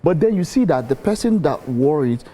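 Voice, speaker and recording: A man's voice: on the high side, very animated, warm tone. Guy hosting a tv chat, stumbles and restarts a lot but keen. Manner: halting, restarts and fillers, enthusiastic. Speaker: TV host. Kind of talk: TV interview.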